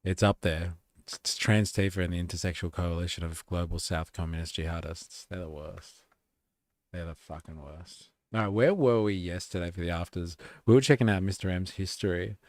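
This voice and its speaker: A man's voice: sits low, fairly even intonation, moderate pace, darkish tone, no echo, studio quality. A man hosting a live stream, chatting casually, swearing and reading chat comments aloud. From Australia.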